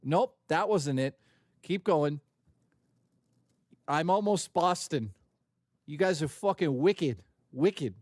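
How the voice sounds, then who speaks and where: A man's voice: a little high, slow, a little mellow, dry recording. A man casually chatting and joking on his live stream, loose and profane.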